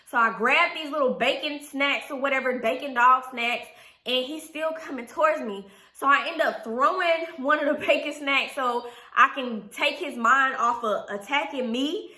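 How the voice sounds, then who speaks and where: A young adult woman telling a story to her viewers in an animated, profane way, often turning to the audience. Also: sits high, normal speed, echoey room. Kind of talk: casual storytime.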